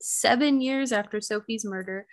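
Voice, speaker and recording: A woman's voice: a little high, moderate pace. A young woman co-hosting a podcast, telling a true crime case in casual chat full of "like" and "um". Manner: chatty, heavy use of "like" and "um".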